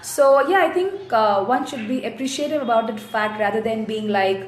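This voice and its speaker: A woman's voice: a little high, animated, rapid-fire. A young woman in a casual live chat who reads out fans' comments and answers them in a chatty way. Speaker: actress answering fans. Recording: roomy echo, faint noise.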